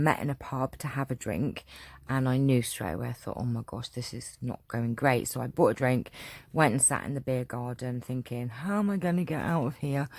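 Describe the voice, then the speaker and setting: English woman, low voice, casual rambling Q&A, dry close sound. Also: no echo. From England. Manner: chatty, rambling, with many fillers. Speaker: craft channel host. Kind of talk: casual Q&A chat.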